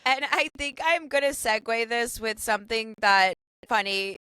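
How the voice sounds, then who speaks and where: A woman in her thirties co-hosting a podcast, chatting casually and telling stories in a giggly, animated way. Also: fairly high pitch, moderate pace, smooth, no room sound, low-quality recording. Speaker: podcast co-host; mother. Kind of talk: casual chat.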